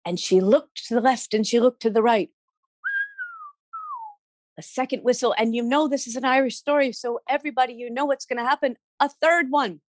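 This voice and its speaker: A woman storyteller telling a folk tale in an animated, playful way with chatty asides. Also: on the high side, normal speed, dry recording. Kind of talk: oral storytelling.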